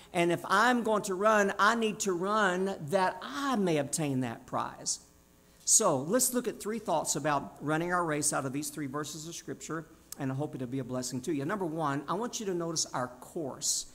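A man in his sixties with a Tennessee Southern accent delivers a sermon. His voice sits a little high for a man, and he preaches in an emphatic, down-home way, with self-deprecating humor. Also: a bit bright. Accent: Southern American. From Tennessee, USA. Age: 60s.

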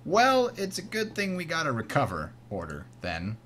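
A young man hosting a board game tutorial, explaining rules as he plays, enthusiastic and quick to laugh. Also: fairly high pitch, wildly swooping pitch, fairly bright tone, slight background noise.

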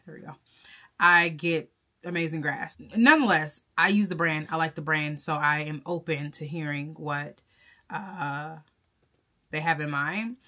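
A woman's voice: low-pitched, measured pace, pushed and bright. A woman talking to her viewers in a casual vlog, chatty and effusive, full of fillers and restarts. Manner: effusive and emotional, talks straight to viewers. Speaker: vlogger and content creator. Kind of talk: casual vlog talk to camera.

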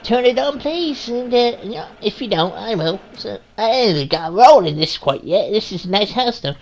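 A woman's voice: medium pitch, lively intonation, moderate pace, a little mellow. A woman giving sweary, rowdy commentary while playing a video game. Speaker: gaming let's-player. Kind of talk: casual gameplay commentary.

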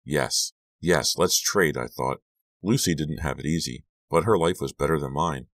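A man narrating a scary audiobook in a measured, hushed storytelling manner, lifting his voice for the dialogue. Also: very deep voice, no room sound, clean studio sound. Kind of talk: scripted narration.

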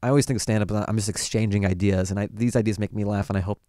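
Male comic guest, lower voice, relaxed storyteller, dry studio sound. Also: racing, no room sound. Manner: laid-back storytelling, acts out quotes. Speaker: comedian guest. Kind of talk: casual podcast chat.

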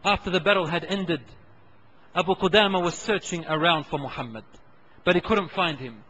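A male preacher with a high, bright, forceful voice. He tells a dramatic story in a sermon. He shifts his voice for each figure in the tale. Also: moderate pace, a little hiss or hum, low-quality recording.

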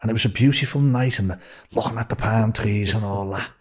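An older man with a Liverpool accent, telling a rambling story as a podcast guest and raising his pitch for quoted voices. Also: brisk, a little mellow, breathy edge. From Liverpool, England.

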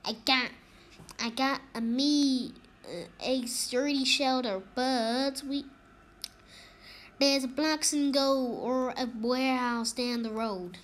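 Excitable high-voiced woman gaming. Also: poor audio. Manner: excitable, quick, complaining, jokey. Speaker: gamer, video host. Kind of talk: casual gaming commentary. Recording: game music playing loudly underneath. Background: game music.

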